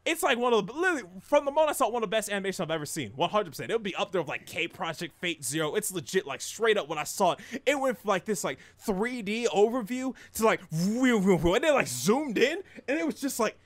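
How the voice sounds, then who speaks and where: A young man talks through an anime recap in a loose, rambling way, full of fillers and restarts. His voice sits a little higher than most men's and swings widely in pitch as he gets excited. He speaks casually throughout. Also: fast talker, few pauses. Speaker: anime reviewer. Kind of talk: casual spoken review.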